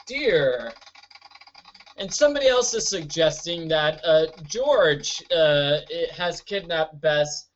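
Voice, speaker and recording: A man giving chatty, jokey gameplay commentary as a let's-play host. His voice sits a little high. The recording is dull and lo-fi. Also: big pitch swings, slow pace. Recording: dull lo-fi audio.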